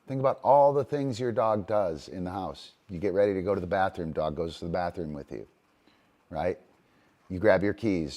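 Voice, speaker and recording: A man's voice: fairly low pitch, darkish tone. A middle-aged man hosting a casual talk on dog training, rambling and emphatic, tagging "right?" onto his points and swearing casually. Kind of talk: casual monologue.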